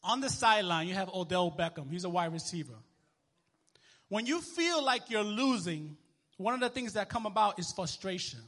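A man preaching a sermon as minister, conversational and animated, checking in with the congregation as he goes. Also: sits high, normal speed. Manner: animated, conversational preaching with sports illustrations and call-and-response. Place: church.

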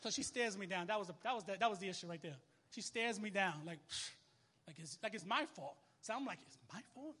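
A young man preaching a sermon as a minister, telling a story in casual, animated street talk. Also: high-pitched, quick pace, slightly rough, long reverb tail.

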